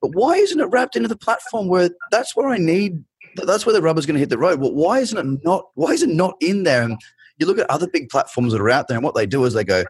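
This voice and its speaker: A man's voice: on the high side, very animated, fast talker, slightly rough, no echo. A man hosting an interview, talking animatedly and acting out the people he quotes. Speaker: podcast host. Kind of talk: conversational interview.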